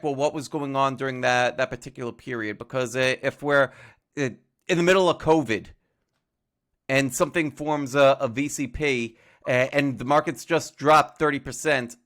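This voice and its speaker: A man's voice: medium pitch, fairly bright tone. A male trading educator explaining chart setups on a casual livestream, talking through examples with homely analogies and frequent fillers.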